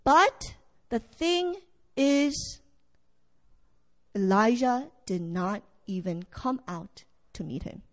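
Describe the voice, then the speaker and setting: A woman delivers a sermon in a high voice, telling the story with lively energy. She acts out what each character says as she goes. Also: takes it slowly, long pauses, big-room sound. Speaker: preacher.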